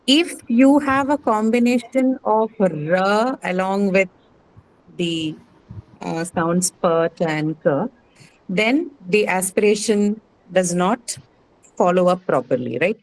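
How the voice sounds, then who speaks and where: A woman's voice: medium pitch, slight background noise, poor audio. A woman teaching phonetics in a classroom, explaining step by step and checking in with "right?". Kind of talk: classroom lecture.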